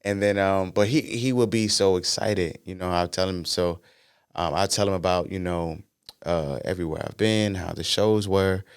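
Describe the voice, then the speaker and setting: A man with a low, smooth voice, talking as a podcast guest. He tells stories in a relaxed, slangy way with plenty of easy fillers. The sound is dry and close. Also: normal speed, no room sound. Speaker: guest, R&B singer-songwriter. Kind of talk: casual podcast conversation.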